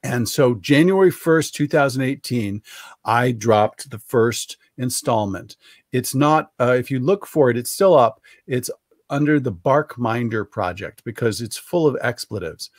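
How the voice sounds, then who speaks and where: A man's voice: mid-range voice, expressive, unhurried, dry recording, clean studio sound. Rambling man on a video call. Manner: rambling, self-correcting storyteller. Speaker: author guest. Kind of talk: casual video call interview.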